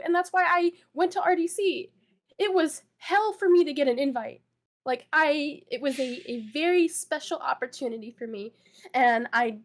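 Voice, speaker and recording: Tearful young woman, high halting voice. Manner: halting, repeats words, apologetic. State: tearful, upset. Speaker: interviewee, witness. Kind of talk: emotional interview.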